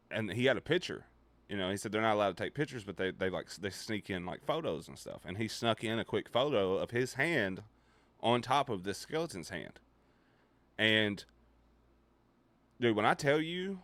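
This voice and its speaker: A young man streaming live, telling a story casually and profanely, dropping his voice low and quiet for suspense. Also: no room sound. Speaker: livestreamer.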